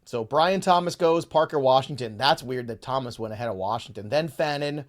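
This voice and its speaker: In a casual fantasy football chat, a podcast host rattles off lists of names and thinks aloud as he goes. His voice is mid-range and brisk.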